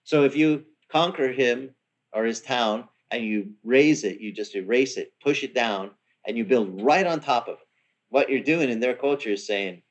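Man preaching a conversational sermon. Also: moderate pace. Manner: conversational preaching with sudden pitch rises for emphasis. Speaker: pastor.

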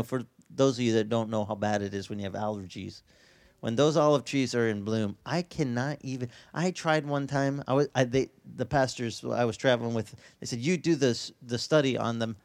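A man preaching a sermon as a pastor, telling stories in an animated way with his voice leaping up in the lively parts. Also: no room sound. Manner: animated storytelling, voice leaping high in excited passages.

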